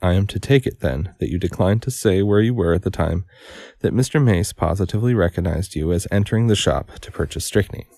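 Stern, dry coroner, low rough voice, read by a man. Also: fairly quick, warm tone, no room sound.

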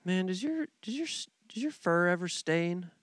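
A man's voice: sits high, animated, normal speed, no echo, pitched above the performer's own voice. A man voicing a sheepish bear in a told joke, stumbling over his words. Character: sheepish male bear in the woods.

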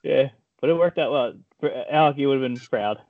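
A man co-hosting a casual podcast, telling a prank story with lively acted-out voices over an online call. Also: mid-range voice, normal speed, dry recording. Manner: animated storyteller, acts out voices. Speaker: podcast co-host. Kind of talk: casual chat. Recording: tinny phone-like call audio.

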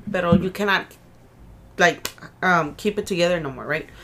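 A woman's voice: on the low side, normal speed, fairly bright tone, slight background noise. A woman co-hosting a podcast from Mexico, telling a story in casual chat and mixing English and Spanish with swearing. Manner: code-switches between English and Spanish, swears freely. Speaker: podcast co-host.

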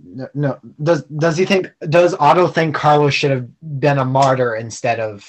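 A man's voice: on the high side, moderate pace, slight background noise. A man taking part in a casual tabletop role-play discussion, thinking aloud and finishing others' sentences. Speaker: player.

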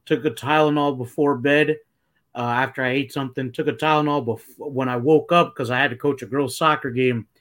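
A man's voice: mid-range voice, steady tone, a little fast, fairly bright tone. A young man from New Jersey co-hosting a casual chat show, easygoing and chatty. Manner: easygoing, chatty, says dude. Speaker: co-host.

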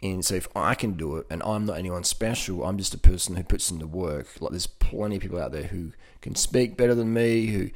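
This Australian-accented man talks in a low voice at a brisk clip, with few pauses. As a vegan cycling advocate, he keeps things casual and encouraging, repeating words and laughing often.

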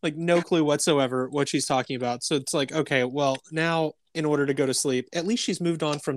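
A man in his thirties co-hosting a podcast, telling animated stories in casual chat, swearing often and laughing between lines. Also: fairly high pitch, a little fast, hardly any pauses, no room sound. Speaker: podcast co-host.

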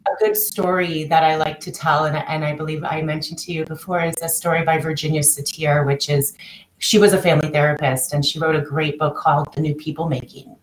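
Woman, podcast guest, storytelling, lowish voice, roomy echo, faint hiss. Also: level tone, a little fast. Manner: chatty, many restarts, acts out quoted voices. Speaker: guest, coach working with clients. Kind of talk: podcast interview, personal storytelling.

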